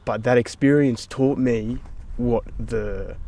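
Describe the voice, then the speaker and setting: A young adult man, appearing as a podcast guest, tells a personal story in casual conversation, swearing freely and dropping to a whisper for his inner thoughts. His voice is medium-pitched, slow and mellow, with fairly even intonation.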